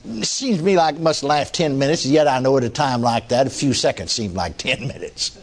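A man's voice: mid-range voice, expressive, brisk. A man preaching a sermon testimony in a folksy storytelling way, often chuckling.

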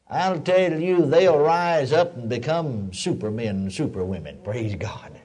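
A man's voice: medium pitch, lively intonation, a little slow, few pauses, a little mellow, breathy edge. An older man preaching a sermon in a folksy, storytelling way, building to emphatic declarations.

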